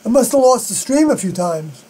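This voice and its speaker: Man, high voice, rambling solo live-stream talk, halting with fillers, mains hum under it. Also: sing-song, dark tone, slightly rough, rough recording. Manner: halting, many fillers and unfinished sentences.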